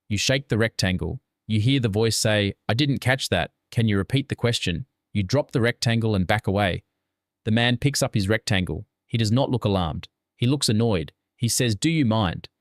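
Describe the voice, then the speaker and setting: Deadpan low-voiced male narrator. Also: no room sound, studio quality. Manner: steady deadpan storytelling. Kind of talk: scripted second-person narration.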